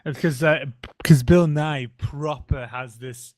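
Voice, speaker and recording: A man's voice: on the high side, slow, a little mellow, no echo. A man co-hosting a podcast, telling stories in a chatty way and acting out quotes. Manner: chatty storyteller, acts out quotes with laughs. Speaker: podcast co-host. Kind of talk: casual chat.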